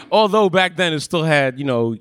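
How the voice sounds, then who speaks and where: A man's voice: on the high side, a bit bright, clear, resonant tone. A man telling a story on a live stage, rambling and acting out the lines he quotes. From Brooklyn, New York. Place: live show in a ballroom.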